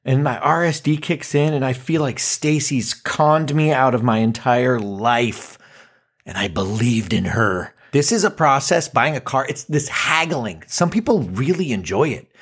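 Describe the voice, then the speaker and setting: A man in his forties hosting a casual monologue podcast, animated and self-mocking, acting out quotes with dramatic swings. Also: mid-range voice, unhurried, breathy edge. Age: 40s. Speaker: podcast host.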